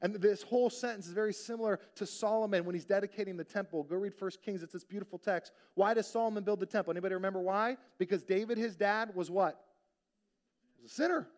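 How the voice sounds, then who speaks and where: A man's voice: high-pitched, fast. A male pastor preaching a sermon in a conversational way, asking the congregation questions and acting out quotes.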